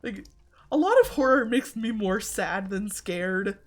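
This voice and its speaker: Rambling along at a measured pace, this streamer talks casually during gameplay, packing in filler "likes" and poking fun at themselves. Their medium-pitched voice stays animated, recorded through a home desk mic.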